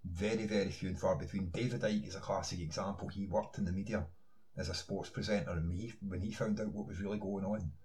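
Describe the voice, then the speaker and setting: A man's voice: low-pitched, fairly even intonation, fast, darkish tone, poor audio. A man in a ranting online monologue, insistent, firing rhetorical questions and filling gaps with "you know". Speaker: online commentator.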